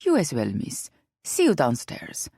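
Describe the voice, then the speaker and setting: A woman voicing a calm, polite female housekeeper with a Brazilian accent, formal and composed. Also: rumbling low, measured pace, gravelly, husky, no room sound, studio quality, exaggerated voice.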